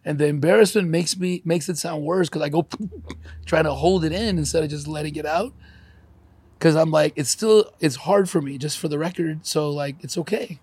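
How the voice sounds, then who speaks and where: A man in his forties talks through tears in a podcast chat, swearing often and laughing between words. His voice is gravelly and husky, and it sits a little high for a man. The room sounds dry. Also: a little fast, a little mellow, no echo. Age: 40s. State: crying. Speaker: podcast co-host. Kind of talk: emotional podcast conversation.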